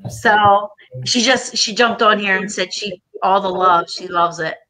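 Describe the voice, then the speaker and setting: A woman's voice: mid-range voice, measured pace, pushed and bright, low-quality recording. A woman hosting a casual livestream chat, rambling and chatty with frequent laughter. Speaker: podcast host.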